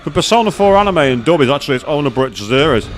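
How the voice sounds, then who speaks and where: A man's voice: on the high side, lively intonation, quick pace, a little hiss or hum. A man chatting casually and rambling as he streams a racing game live. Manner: rambling, chatty, self-deprecating. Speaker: gaming streamer. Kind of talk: live gameplay commentary and chat.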